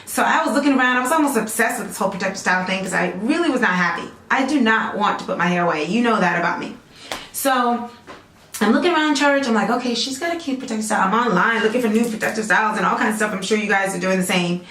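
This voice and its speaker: A woman talks straight to her audience in a loose, rambling vlog style, often stopping to check in with them. Her voice sits at an ordinary pitch for a woman. The room gives it a noticeable echo over a faint background hum. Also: lively intonation, fast, fairly bright tone. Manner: chatty, rambling, talks straight to viewers with lots of "okay?". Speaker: natural hair vlogger selling her own products. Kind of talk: casual chatty vlog.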